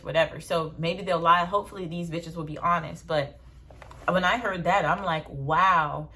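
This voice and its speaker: A young adult woman, telling stories in a blunt, animated casual vlog with slang and swearing. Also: fairly low pitch. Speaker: vlogger.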